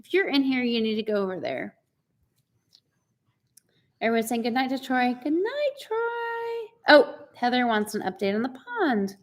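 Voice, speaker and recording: Brief: bubbly woman co-hosting a live chat, slightly high voice. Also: expressive, normal speed, long pauses. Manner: chatty and bubbly, greets viewers by name, laughs often. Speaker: co-host of a live chat stream. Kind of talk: casual live-stream chat reading viewer comments.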